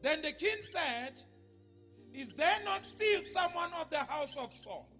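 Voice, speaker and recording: A South African man reading scripture aloud in church, slow and careful, stumbling over names. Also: extremely high pitch, lively intonation, sharp tone, in a large hall, lo-fi sound, faint music behind.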